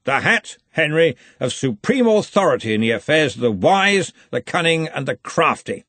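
A lordly old wizard who blusters, pitched high and pushing his words hard, as a man puts him on for the storybook. His tone is testy and superior, and his voice has a husky grain. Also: very animated, normal speed, a bit bright, no room sound. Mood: haughty. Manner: haughty, overbearing, testy. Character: pompous, blustering old male wizard head.

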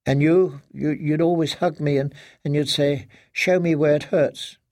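A man's voice: a little high, fairly even intonation, unhurried, a little mellow, dry recording, clean studio sound. A man voicing a frightened grown daughter in an audiobook, speaking in a pleading, tremulous way. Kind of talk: audiobook character voice.

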